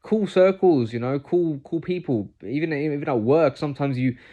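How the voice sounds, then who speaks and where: A man's voice: mid-range voice, a little mellow. Earnest young man giving advice. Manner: earnest, conversational, says "man" and "like" often, grows heated when ranting. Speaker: vlogger giving dating advice. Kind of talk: casual talking-to-camera advice.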